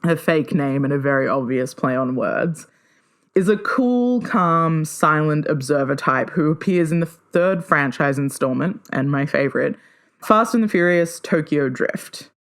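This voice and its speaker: A woman hosting her own podcast, talking solo in a playful, enthusiastic way and often jumping up in pitch with excitement. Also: unhurried. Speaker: podcast host.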